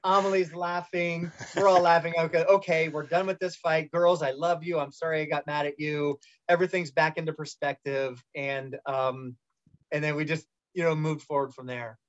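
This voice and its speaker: A middle-aged man recounts a personal story in relaxed interview talk, rambling a little and restarting his sentences as he acts out what others said. His voice sits a touch high, and the recording is muffled and lo-fi. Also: normal speed. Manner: candid, rambling with restarts and quoted dialogue. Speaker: guest telling his cancer story. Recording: muffled lo-fi sound.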